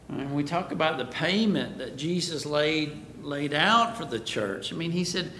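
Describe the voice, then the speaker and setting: Man, preacher, Bible class sermon, slow, asks questions and answers them, echoey room. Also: fairly bright tone. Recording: echoey room, faint background rumble.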